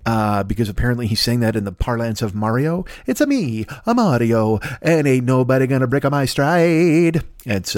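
Male podcast host, mid-pitched, loose rambling profane comic riffing, dry close-mic sound. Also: dry recording. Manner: rambling, profane, laughing at his own jokes. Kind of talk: late-night solo comedy rant.

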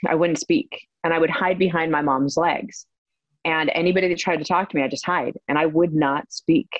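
A woman's voice: low-pitched, moderate pace, no echo. Chatty woman guest, dry dull sound. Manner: animated, laughs often, many likes and fillers. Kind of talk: casual storytelling interview.

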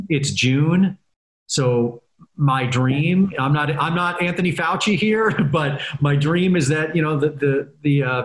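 Chatty man with a roomy echo. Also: mid-range voice. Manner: chatty, upbeat, laughs easily. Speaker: guest, reality dating show host. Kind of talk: casual interview chat.

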